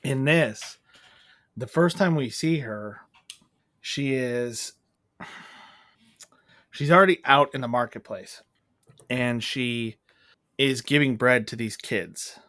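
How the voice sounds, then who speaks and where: A man's voice: mid-range voice, takes it slowly, long pauses, no room sound. Chatty man reviewing a movie, dry sound. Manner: rambling, animated, acts out quotes. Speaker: podcast co-host. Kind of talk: casual movie review chat.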